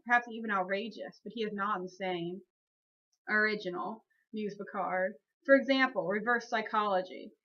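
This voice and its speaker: A woman's voice: medium pitch, a bit bright, lo-fi sound. A woman narrating a fan-made audiobook, reading steadily and correcting small slips as she goes. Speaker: audiobook reader.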